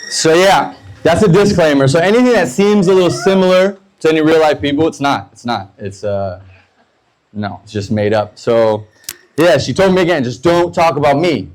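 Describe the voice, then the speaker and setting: A man in his thirties from the United States doing a stand-up set, telling loose, profane stories and slipping into quick voices for the people in them. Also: a little high, lively intonation, a little mellow, rough recording. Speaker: stand-up comedian.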